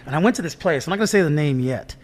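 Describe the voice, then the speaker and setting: A man's voice: on the high side, racing. A man telling a story in casual podcast chat, acting out the voices of the people in it. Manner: animated, acts out voices in his stories.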